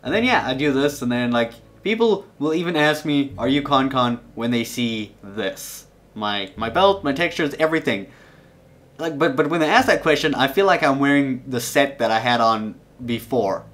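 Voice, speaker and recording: A man's voice: medium pitch, normal speed, a bit bright. A young man hosting a gaming channel, chatting loosely over his gameplay in a playful, rambling way that often restarts and repeats words. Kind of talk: casual gameplay commentary.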